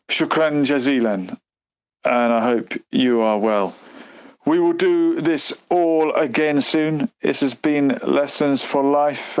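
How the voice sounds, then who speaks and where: A man hosts a late-night live stream from his phone and reads out viewer comments. He talks in a loose, unhurried way, with plenty of fillers and restarts, at a middle pitch for a man. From Britain.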